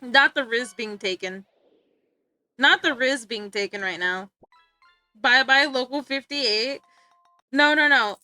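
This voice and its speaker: A young woman streamer with a high, bright voice, rambling along and giggling often as she keeps getting sidetracked. The sound is close and dry, with no room around it. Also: takes it slowly, long pauses, no echo, soft background music. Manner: giggly, easily sidetracked, talks to chat and friends. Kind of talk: casual rambling stream chat.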